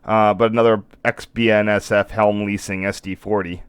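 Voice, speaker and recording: Low, smooth-voiced rambling man streaming live. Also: little pitch movement, moderate pace, no echo. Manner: rambling, self-interrupting, apologetic. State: losing his voice. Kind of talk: casual live-stream commentary.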